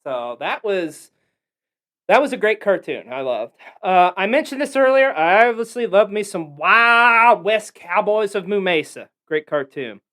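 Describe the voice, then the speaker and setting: A man's voice: high-pitched, measured pace. A man hosting a podcast, chatting casually and telling rambling, profanity-filled stories. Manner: animated, profane storytelling; rambling and digressive. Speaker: podcast host. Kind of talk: casual chat.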